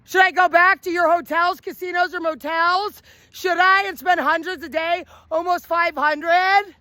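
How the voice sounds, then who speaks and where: A woman's voice: very high-pitched, steady tone, measured pace, pushed and bright, dry recording. A woman livestreaming outdoors on a city street at night, talking into her phone in a flamboyant, rambling way and jumping from topic to topic.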